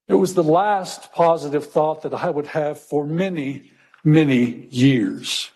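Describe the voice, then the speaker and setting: A middle-aged man from Texas tells a personal story to an audience in a conversational way. His voice sits fairly high, and he slows right down to stress key words. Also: expressive, darkish tone, slightly rough. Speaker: speaker. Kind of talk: storytelling talk.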